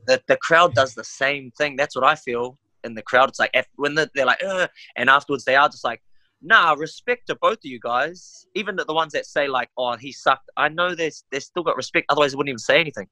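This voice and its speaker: A young man with a New Zealand accent, a fighter talking in a casual podcast interview, animated and slangy. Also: medium pitch, fast talker, few pauses, no echo. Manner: animated, slangy, says "bro" and "eh". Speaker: MMA fighter guest.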